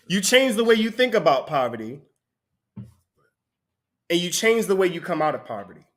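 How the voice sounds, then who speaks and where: A man's voice: high-pitched, big pitch swings, moderate pace, fairly bright tone. A man preaching a conversational sermon, often breaking into laughter between points.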